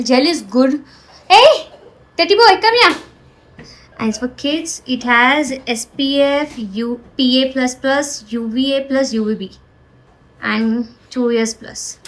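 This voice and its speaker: A woman's voice: high voice, takes it slowly, fairly bright tone, rough recording. A young woman with an Indian English accent, chatting casually to viewers in a home vlog while coaxing her toddler around the house and garden. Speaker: vlogger and mother.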